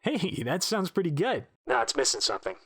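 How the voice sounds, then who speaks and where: A man's voice: a little high, sing-song, fairly quick, a bit bright, breathy edge. A man with a Midwestern accent, hosting a podcast with playful, bantering scripted comedy he does with himself from his bedroom. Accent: American Midwest. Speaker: podcast host. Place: home bedroom.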